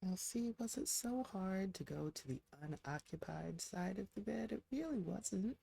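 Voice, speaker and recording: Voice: mid-range voice, lively intonation, moderate pace, vocal fry, warm tone. A game streamer chatting casually through a live stream, talking to the characters on screen as they play. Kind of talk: casual live-stream commentary while playing.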